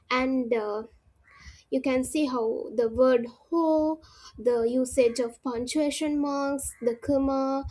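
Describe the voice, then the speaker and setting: A woman teaching a literature lesson, explaining step by step, with frequent "uh" pauses and check-ins of "right?" and "okay?". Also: sits high, warm tone, poor audio. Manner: frequent "uh" hesitations.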